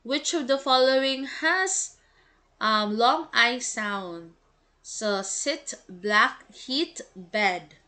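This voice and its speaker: Slow-talking teacher woman, bright voice. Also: fairly high pitch, lively intonation. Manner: slow, explanatory, mixes English with Cebuano. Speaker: English teacher. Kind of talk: reviewing test answers.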